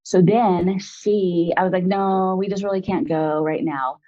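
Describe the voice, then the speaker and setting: A woman's voice: fairly low pitch, fairly even intonation, a little slow, mellow, dull audio. A woman in her forties, an interview guest, telling a personal story in a rambling, frank way full of fillers.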